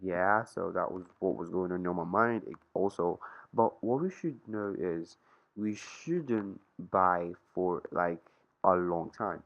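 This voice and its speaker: Slangy young man, muffled low voice. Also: slow, creaky, a bit bright. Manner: slangy, rambling, thinks aloud. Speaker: trading vlogger. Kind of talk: casual screen-share trading walkthrough.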